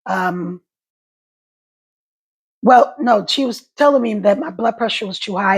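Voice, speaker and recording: Talking casually to the camera, a stroke-survivor vlogger speaks haltingly, repeating words in a gravelly, husky voice of middle pitch. Emotion makes it catch and crackle.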